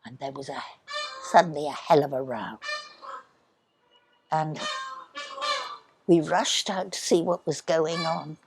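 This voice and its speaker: An older woman telling childhood stories in an interview, speaking softly and sometimes dropping to a near whisper. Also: sits low, creaky, background noise. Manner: soft, unhurried, drops to a near whisper. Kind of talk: reminiscing storytelling.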